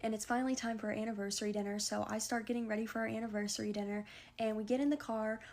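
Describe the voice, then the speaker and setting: A young woman telling a storytime vlog, rushing through her retelling and filling it with "like". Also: fairly high pitch, flat delivery, a little mellow. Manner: fast, breathless retelling full of "like".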